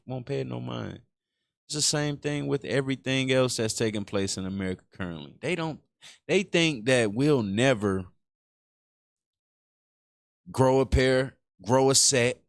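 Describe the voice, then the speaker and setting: A man's voice: fairly low pitch, vocal fry, no room sound. A man giving blunt, profane reaction commentary in a casual streaming style. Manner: blunt, profane, repetitive emphasis.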